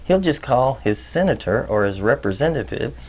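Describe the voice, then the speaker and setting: A man hosting a leadership advice video, talking casually and jokingly, with loud bursts and muttered asides. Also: medium pitch, lively intonation, normal speed. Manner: chatty, jokey, swings between loud bursts and muttered asides.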